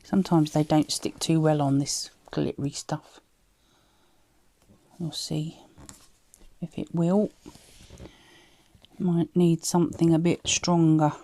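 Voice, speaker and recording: Low gravelly woman with light Cockney twang. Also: dark tone. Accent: light Cockney-tinged London. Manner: chatty, muttering to herself while working, often drops to a whisper. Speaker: craft vlogger. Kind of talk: casual crafting commentary.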